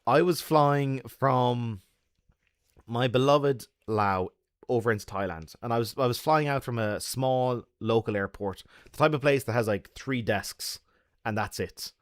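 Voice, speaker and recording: A young adult YouTuber tells stories to his livestream audience in a casual, energetic way, swearing and laughing often. He speaks unhurriedly at an ordinary middle pitch, and the sound is dry and close with little room echo.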